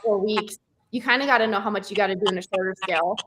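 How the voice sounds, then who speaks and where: A woman's voice: mid-range voice, fast, over a noisy crowd. A woman guest in a casual chat, speaking in a chatty, upbeat, encouraging way.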